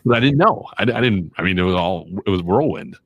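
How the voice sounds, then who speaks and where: A man from Chicago, a radio and voiceover guest, telling animated, self-mocking stories in a casual podcast chat. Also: low voice, fast, no echo, muffled recording. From Chicago, USA.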